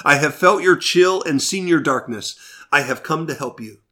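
A patient male stranger speaks in slow, measured, reassuring tones, voiced by a preacher telling a story. The delivery stays steady and close to a plain speaking voice. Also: on the high side. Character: calm male stranger bringing fire, patient.

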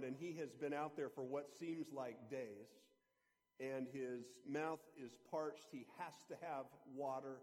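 A man's voice: fairly high pitch, a little mellow. Earnest man preaching in a reverberant hall. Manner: earnest, conversational storytelling. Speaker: pastor. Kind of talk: sermon.

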